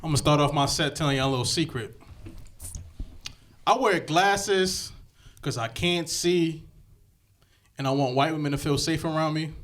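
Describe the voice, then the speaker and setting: A man's voice: a little high, normal speed, pauses often, fairly bright tone. A man doing a stand-up set with a slangy, drawling delivery. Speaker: stand-up comedian. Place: comedy club stage. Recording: noisy club recording. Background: audience laughter.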